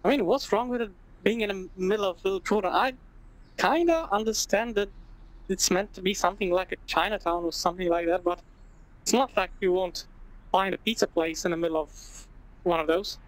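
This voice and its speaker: A man's voice: high voice, a little fast, rough recording. A man playing a visual novel, reading it aloud with chatty, wry asides. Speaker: video game let's player. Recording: background game music.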